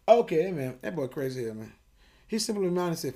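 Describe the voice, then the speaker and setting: High-voiced, gravelly, slow-talking man. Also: animated, darkish tone. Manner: profane, rambling, freewheeling. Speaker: podcast host. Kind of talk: casual rambling monologue.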